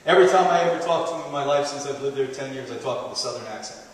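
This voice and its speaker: A man's voice: mid-range voice, racing, recorded from a distance. A middle-aged man giving a live health lecture to an audience, a playful storyteller who jokes as he talks. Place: large hall. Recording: echoey hall, taped from afar.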